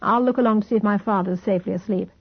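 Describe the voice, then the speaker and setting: A woman reading an audiobook, voicing a calm, protective man who speaks in a steady, reassuring way. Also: medium pitch, racing, vocal fry, breathy edge, no room sound, lo-fi sound. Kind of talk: audiobook character voice.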